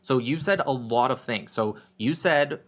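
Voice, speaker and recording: A man in a heated online debate who stays measured and a bit dismissive toward his opponent. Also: medium pitch, fairly bright tone.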